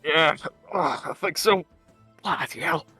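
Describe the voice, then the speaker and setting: A man playing a tabletop game, loud and jokey, swearing freely. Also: on the high side, expressive, slow pace, husky, soft background music. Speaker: player. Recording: dry close mic.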